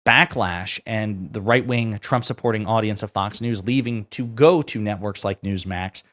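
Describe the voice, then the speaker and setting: A man's voice: lowish voice, normal speed, fairly bright tone. A man hosting online political commentary, reading quotes aloud and adding blunt sarcastic asides.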